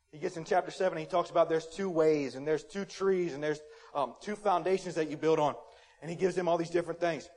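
A man preaching a sermon in a church, animated and playful, acting out quotes and rising to loud emphasis. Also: a little high. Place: church sanctuary.

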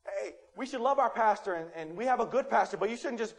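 High-voiced animated man preaching a sermon. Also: fast. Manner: animated, playful, acts out quotes, rises to loud emphasis. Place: church sanctuary.

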